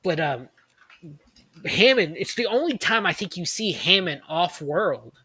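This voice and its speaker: A man co-hosting a casual podcast chat, rambling excitedly and pausing to search for names. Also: high voice, slightly rough. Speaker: podcast co-host.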